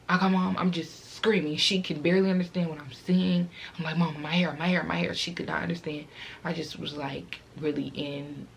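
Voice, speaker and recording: A woman's voice: deep voice, vocal fry, a little hiss or hum. A teenage girl vlogger telling a casual, rambling storytime, fighting back tears as she talks.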